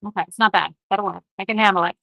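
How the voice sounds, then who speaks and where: A woman's voice: mid-range voice, fairly even intonation, rapid-fire, gravelly, pushed and bright. A woman hosting a live craft demonstration. She chats casually and greets viewers while she works, often talking half to herself. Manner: chatty, greets and answers viewer comments while working. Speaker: craft livestream host. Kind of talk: casual live-stream card-making demonstration.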